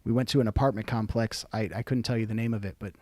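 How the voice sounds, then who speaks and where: A man's voice: lowish voice, steady tone, fast, a little mellow, dry recording. A young man, a podcast guest and army veteran, telling stories casually and profanely, acting out quotes. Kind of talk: casual storytelling.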